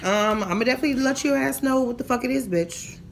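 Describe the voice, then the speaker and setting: A woman's voice: high voice, quick pace, slight background noise. Blunt, profane woman ranting. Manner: blunt, profane, heated and emphatic. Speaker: vlogger. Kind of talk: ranting storytime vlog.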